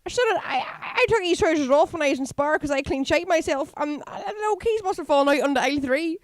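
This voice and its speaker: Woman playing a confused, loud Ballymena woman, Northern Irish accent, rambling and flustered. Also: high voice, expressive, fast, dry recording, studio quality, voice pushed up. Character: confused middle-aged Ballymena woman hunting her car keys.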